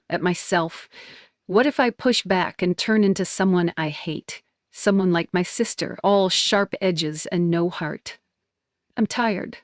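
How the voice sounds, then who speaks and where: Lower-pitched young woman telling a story. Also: no echo, clean studio sound. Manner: emotional, intense. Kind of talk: first-person story narration.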